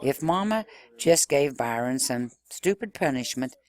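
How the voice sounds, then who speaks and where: A man reading a novel aloud in an expressive first-person storytelling manner. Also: mid-range voice, a little slow, dry recording. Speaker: reader.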